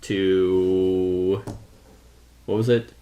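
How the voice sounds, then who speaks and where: This reviewer's voice is low and warm, level in tone, with drawn-out words and a little hiss or hum on the recording. Playing a card game alone, he talks through his thinking, reads the card text, and fixes his own errors along the way.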